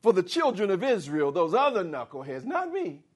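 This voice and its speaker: A preacher doing a whiny, boastful old prophet. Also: male voice, sits high, wildly swooping pitch, normal speed, breathy edge, exaggerated voice. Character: boastful self-pitying male prophet, middle-aged.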